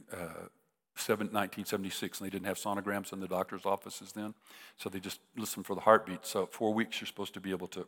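Older male preacher, low voice, halting story with emotional swells, long hall reverb. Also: a bit bright. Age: about 70. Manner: halting storyteller, many restarts, voice rising into emotional peaks. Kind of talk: personal story in a sermon.

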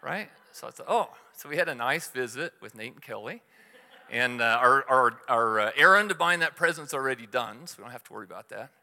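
A middle-aged man preaching a sermon, telling stories in a relaxed, conversational way with self-deprecating humor. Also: mid-range voice, fairly quick, long reverb tail. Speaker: church speaker.

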